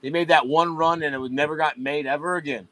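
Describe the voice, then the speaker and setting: A man's voice: a little high, steady tone, fast talker, fairly bright tone, no echo, rough recording. A man hosting a live online sale of diecast cars from a warehouse at night, chatting casually with viewers and hyping each pull. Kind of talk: casual live-stream sales chat.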